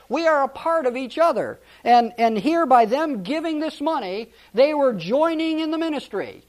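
A man's voice: very high voice, animated, normal speed, few pauses. Plainspoken preaching man, storytelling. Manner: conversational preaching with restarts and storytelling. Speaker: pastor. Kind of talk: sermon.

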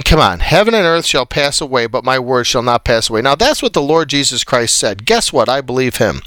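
A male preacher with a bright, lively voice that swings widely up and down as he scolds. He sounds exasperated, reading scripture aloud and lecturing into a close, dry mic. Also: a little high, no echo. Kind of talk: combative Bible study sermon.

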